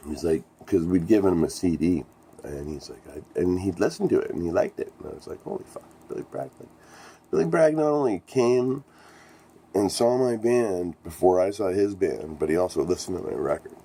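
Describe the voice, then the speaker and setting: A man's voice: low voice, normal speed, warm tone, a little hiss or hum. A middle-aged man, a musician, telling a band story to his viewers in a rambling, profane and enthusiastic way. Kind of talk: casual storytelling vlog.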